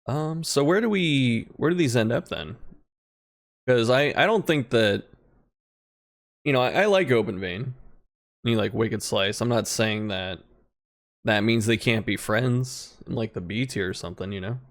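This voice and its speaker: A man as a guest in a casual video game discussion, relaxed and laughing easily as he talks. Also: medium pitch, unhurried, long pauses. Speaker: guest content creator.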